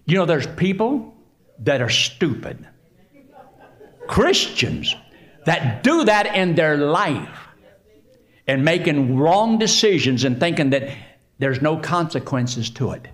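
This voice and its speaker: A male preacher delivering a sermon with folksy, emphatic storytelling. His voice swings widely in pitch, leaping high for drama and dropping low for weight. He sits a bit higher than most men. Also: sing-song, slow pace, fairly bright tone.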